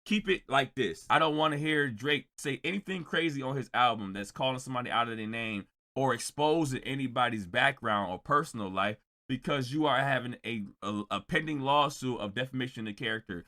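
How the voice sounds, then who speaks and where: A man's voice: mid-range voice, brisk, few pauses, pushed and bright. A man giving casual reaction commentary in an emphatic, lecturing, sarcastic way. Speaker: reaction streamer.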